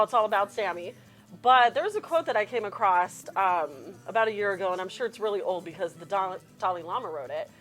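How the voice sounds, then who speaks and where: A woman hosting a casual podcast interview, excitable and gushing, swearing freely. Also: mid-range voice. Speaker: podcast host.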